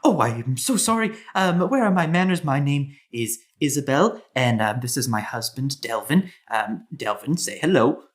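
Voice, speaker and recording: A man voicing an older female dwarf mother who frets over her daughter, high and fussy. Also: lively intonation, lightly acted. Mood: eager welcoming. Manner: frantic, fretting, rapid questions.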